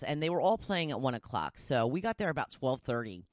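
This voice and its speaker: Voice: mid-range voice, big pitch swings, fairly quick, no room sound, clean studio sound. A podcast host talking casually on their own, rambling from one story to the next with lots of asides. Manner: chatty and rambling, with many asides. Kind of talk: casual solo podcast chat.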